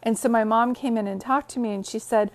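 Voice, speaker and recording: A woman's voice: fairly high pitch, fairly even intonation, fairly quick. A woman hosting a casual phone livestream from her bed, greeting viewers and telling stories in a chatty way. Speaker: psychic medium livestream host. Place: bedroom, sitting on bed.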